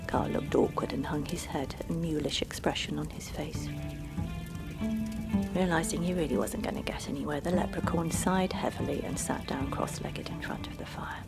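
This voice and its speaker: A woman narrating a storybook in a soft, hushed, measured way. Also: sits low, fairly even intonation, gravelly. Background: music.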